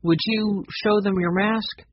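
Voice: mid-range voice, steady tone, takes it slowly, no echo, pitched above the performer's own voice. A storybook narrator voicing a friendly, welcoming male police officer who gives directions, on a dull, lo-fi recording.

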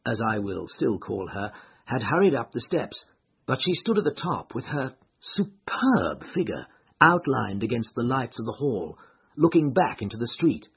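A male audiobook narrator reading in a measured, expressive way, with a husky, gravelly tone and a lively, varied pitch. The recording is dull and muffled. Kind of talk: scripted first-person narration of a classic novel.

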